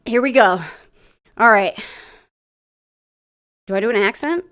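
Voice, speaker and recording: A young woman hosting a casual stream, playful and quick to laugh. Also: a little high, fairly bright tone, clear, resonant tone. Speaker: streamer host.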